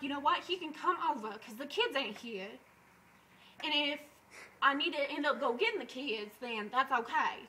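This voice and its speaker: A man voicing a brash, crude young woman who laughs through her loud improvised comic story. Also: very high voice, slight background noise, heavily acted, low-quality recording.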